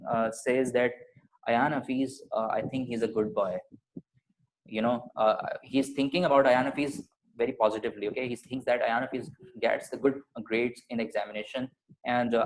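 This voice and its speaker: A man as a patient teacher giving an online class, voice sitting at an ordinary middle pitch. He explains step by step, pausing on fillers and checking understanding with frequent okays. It sounds like a video call. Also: a little hiss or hum, rough recording.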